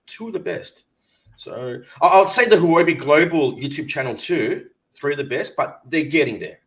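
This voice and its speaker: A man co-hosting a live crypto stream, reading viewer comments and giving upbeat shout-outs. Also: fairly high pitch, expressive, moderate pace. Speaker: co-host reading live chat. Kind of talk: casual live-stream chat.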